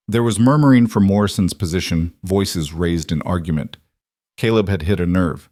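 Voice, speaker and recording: Low-voiced male story narrator. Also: normal speed, a little mellow, no room sound, studio quality. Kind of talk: scripted narration.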